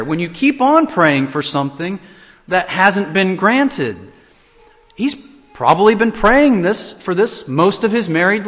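A man delivering a sermon with a lively, expressive voice that leaps up and down as he acts out quoted lines. His pitch sits a little high for a man. The sound carries a long reverb, as if in a large hall. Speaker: pastor.

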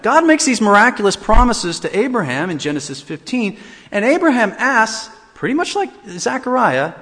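Man, pastor, sermon, lively and expressive delivery, slightly high voice, long hall reverb. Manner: animated, acts out quoted lines with big pitch swings.

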